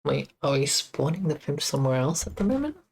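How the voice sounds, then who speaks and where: A woman streaming as she debugs her game, muttering to herself in a halting, casual way. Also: low voice, sing-song, darkish tone, breathy edge. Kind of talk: casual live-stream coding commentary.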